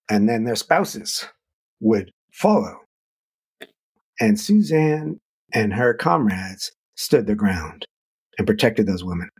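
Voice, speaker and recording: A man, an author and guest, telling stories in an animated interview conversation, jumping up in pitch for emphasis. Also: breathy edge. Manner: animated storytelling, swings up in pitch for emphasis and quoted voices.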